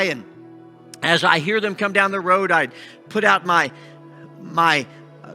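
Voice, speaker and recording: A man acting out a scheming blind beggar in a first-person sermon monologue, halting and restarting often, with faint music behind him. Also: sits high. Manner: halting with many restarts, shouting out pleas. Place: church sanctuary.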